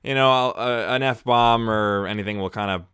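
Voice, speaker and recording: A man's voice: lowish voice, moderate pace, a bit bright, clear, resonant tone, dry recording, clean studio sound. A young man hosting a casual movie watch-along, chatty and sarcastic, with a taste for juvenile jokes. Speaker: movie review host.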